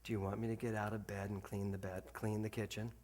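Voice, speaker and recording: Brief: a cheeky young daughter as her father quotes her, wry, talking back, a lively voice that rises and falls. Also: high-pitched, moderate pace, voice pushed up. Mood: sassy. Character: young adult daughter, sassy and quick-witted.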